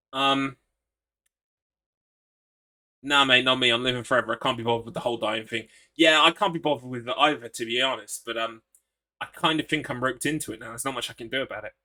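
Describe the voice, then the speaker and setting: A man's voice: medium pitch, sharp tone. A man chatting casually while live-streaming a horror game, rambling, swearing and laughing as he greets viewers.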